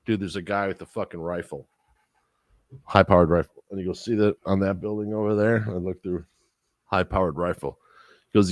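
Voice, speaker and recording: A man's voice: deep voice, brisk, dry recording, clean studio sound. A man telling a long story in casual chat as a podcast co-host, swearing freely and acting out the other people's lines. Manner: profane, animated storyteller acting out quotes.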